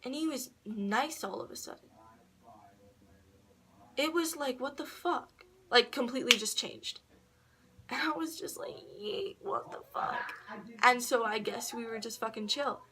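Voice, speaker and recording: A woman's voice: a little high, moderate pace, long pauses, crowd noise. A woman vlogging at home, casually telling a personal story, full of slang, swearing and laughter.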